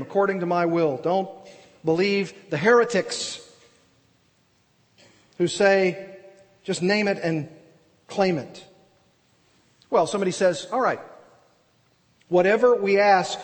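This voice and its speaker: A man's voice: high voice, big-room sound. A man preaching an expository sermon, earnest and emphatic, asking and answering his own questions. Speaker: pastor.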